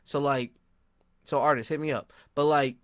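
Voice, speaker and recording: A man co-hosting a podcast, telling stories in casual chat, animated and laughing often, swearing freely. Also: mid-range voice, normal speed, dry recording, studio quality. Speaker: podcast co-host.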